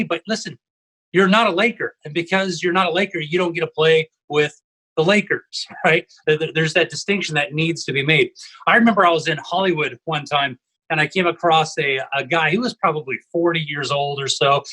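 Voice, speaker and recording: A man with a high, bright voice and a husky edge, talking on a home video call. He co-hosts a relaxed panel discussion and makes his points through anecdotes, often asking "right?" to pull his listeners along. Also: a little fast, low-quality recording. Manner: storytelling, tags lines with "right?". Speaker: co-host, evangelism trainer.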